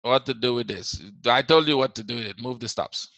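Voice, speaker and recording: A man's voice: mid-range voice, brisk, a bit bright, no echo, poor audio. A man teaching a live trading webinar, repeating his points and answering viewers as he goes. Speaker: forex trading instructor.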